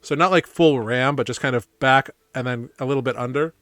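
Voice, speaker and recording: Male GM, loose rambling narration, smooth dry voice. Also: medium pitch, a little fast, a bit bright, no echo. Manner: casual, rambling, full of fillers. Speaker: game master. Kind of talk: narrating a tabletop game.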